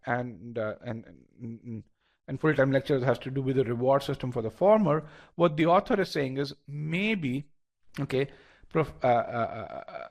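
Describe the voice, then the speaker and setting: A man leading a live online class, talking through reasoning step by step with lots of restarts and fillers and polling his students. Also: fairly high pitch. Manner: animated, frequent restarts and fillers. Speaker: test prep instructor.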